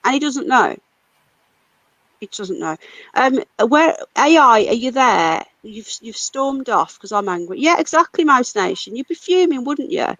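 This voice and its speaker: A woman's voice: a little high, big pitch swings, a little slow, fairly bright tone, no echo, rough recording. A British woman hosting a casual livestream, ranting angrily and swearing a lot. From United Kingdom. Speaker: livestream host.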